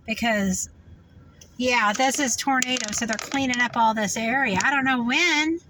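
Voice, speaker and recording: A woman narrating her drive in hushed, shocked exclamations from inside a car. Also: fairly high pitch, normal speed, recorded from a distance. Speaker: vlogger. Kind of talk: driving commentary. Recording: clear road noise in car. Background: road and vehicle noise.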